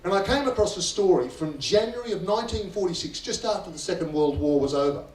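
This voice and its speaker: Brief: Australian man, guest speaker at a fundraiser, theatrical storyteller. Fairly high voice, heard from a distance in a roomy hall. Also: animated, quick pace, darkish tone. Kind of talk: after-dinner storytelling speech. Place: function room at a fundraiser. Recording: roomy hall, distant mic, faint ambience.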